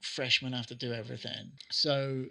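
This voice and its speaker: A middle-aged man, a soccer trainer and interview guest, telling animated stories and acting out what people said. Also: medium pitch, moderate pace, creaky. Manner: animated anecdotes, acts out quotes. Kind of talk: casual interview storytelling.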